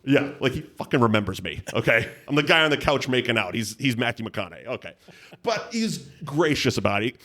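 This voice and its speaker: A man's voice: medium pitch, very animated, a little fast, a bit bright. A man, a guest telling long, rambling anecdotes in casual chat, full of restarts and laughs. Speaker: guest storyteller.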